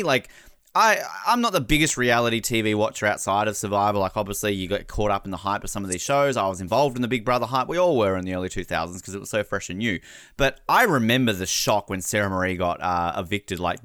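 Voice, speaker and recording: A fast, animated Australian man chatting on a podcast, his pitch leaping around as he talks. His voice is bright and sits close on a dry mic. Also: smooth, no room sound. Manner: animated, swears freely, does mimicking impressions. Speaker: podcast co-host. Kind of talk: casual chat.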